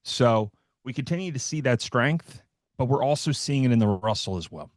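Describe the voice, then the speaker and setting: A man's voice: medium pitch, lively intonation, moderate pace, no echo, clean studio sound. A man hosting a live trading stream, giving casual market commentary in a loose, joking way with plenty of fillers. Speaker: host of a trading livestream.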